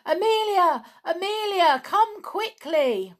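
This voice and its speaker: A stern toy clown who scolds without mercy, as a woman reading a storybook puts him on. He speaks slowly and firmly, with a gravelly texture and a wide, lively pitch. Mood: calling. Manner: fierce and scolding.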